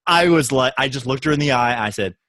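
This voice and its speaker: Lively joking young man telling stories. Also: quick pace, dry recording. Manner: animated, jokey storyteller with big pitch swings. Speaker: podcast co-host. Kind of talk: casual storytelling chat.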